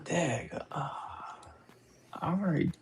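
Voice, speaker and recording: A man chatting casually on a live day-trading stream, excitable about his trades. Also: on the high side, slow, a little hiss or hum.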